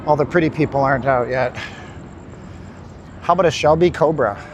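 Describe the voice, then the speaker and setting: Speaking a little fast in a somewhat high voice, a weary, winded man rambles and cracks jokes to his chat during a laid-back walking livestream outdoors in the city. The audio is lo-fi, recorded on a handheld phone over the din of the street.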